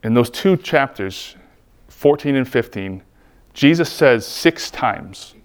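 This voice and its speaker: A man's voice: mid-range voice, lively intonation, slow, clear, resonant tone. A man sharing his personal faith testimony in an earnest, heartfelt way, often filling his talk with "like". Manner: earnest, heartfelt, frequent "like" fillers. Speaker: speaker giving a personal testimony.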